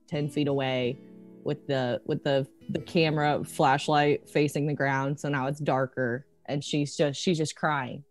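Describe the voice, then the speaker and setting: A woman with a low voice narrates her character in a tabletop horror game. She swears freely and her voice climbs when her character is upset. A faint music bed sits under her. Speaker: player.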